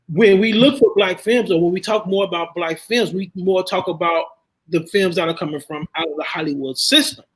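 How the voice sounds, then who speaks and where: A man's voice: high-pitched, poor audio. A man hosting a casual interview, framing long questions with frequent restarts. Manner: searching, restarts often while framing questions.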